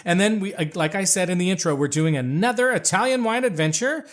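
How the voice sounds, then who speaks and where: A man's voice: high-pitched, animated, fast talker. A man hosting a casual podcast as a sommelier, jokey and upbeat. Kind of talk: casual chat. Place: garage. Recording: echoey garage with faint music.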